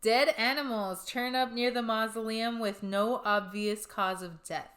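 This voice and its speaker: A woman's voice: fairly high pitch, steady tone, a little slow, fairly bright tone. A woman co-hosting a podcast, casually reading out ghost stories from her notes with giggly asides. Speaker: podcast co-host.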